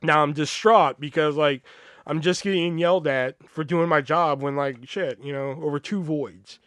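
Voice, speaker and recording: A man hosting a podcast, telling a story in a casual, animated, profane way and acting out the quoted voices. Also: on the high side, normal speed, smooth, no echo. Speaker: podcast host.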